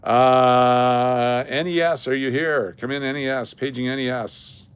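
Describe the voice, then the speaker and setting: A man's voice: medium pitch, fairly even intonation, unhurried, clear, resonant tone. Chatty man hosting a livestream. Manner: chatty, repeats names, calls out viewers. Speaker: livestream host running coin giveaways. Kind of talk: casual live stream chat.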